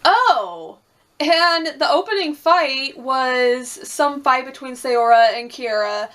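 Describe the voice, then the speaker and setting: A young woman with a slightly high voice talks through a reality show episode in a loose, chatty way. She swears freely, acts out lines from the show and laughs often as she goes. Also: animated, slow, a bit bright. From Puerto Rican and Cuban heritage. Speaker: reality TV recap vlogger. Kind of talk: casual recap chat.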